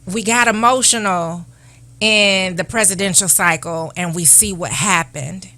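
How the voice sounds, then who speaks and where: A woman's voice: mid-range voice, unhurried, bright, forceful tone. A woman guest, an elected official, making an earnest appeal to listeners to vote. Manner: earnest, urging, repetitive calls to vote. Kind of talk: political appeal on talk show.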